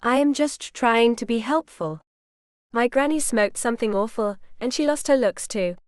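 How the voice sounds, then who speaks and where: A man's voice: very high-pitched, moderate pace, clear, resonant tone, no echo, clean studio sound. A woman voicing a playful young male doctor who puts on a hammy Southern drawl. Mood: mock Southern. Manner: hams up a fake Southern drawl.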